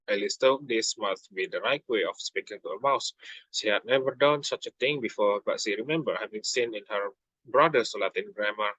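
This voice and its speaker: A man's voice: lowish voice, fairly bright tone, slightly rough, no echo, poor audio. A young man reading a children's book aloud as a student, stumbling over words and correcting himself. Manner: halting, frequent slips and self-corrections. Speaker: student reader.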